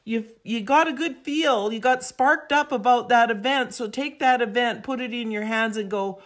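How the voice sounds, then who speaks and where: Woman guest telling a story, lively, acts out the voices, kinda high voice. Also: moderate pace, few pauses. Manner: acts out quoted voices, expressive and emphatic. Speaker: podcast guest. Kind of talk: animated storytelling advice.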